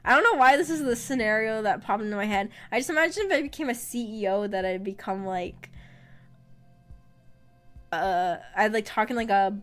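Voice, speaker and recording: A woman's voice: mid-range voice, normal speed. A woman VTuber streamer chatting casually on a livestream, rambling, trailing off with fillers and laughing often. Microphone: streaming microphone. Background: faint background music.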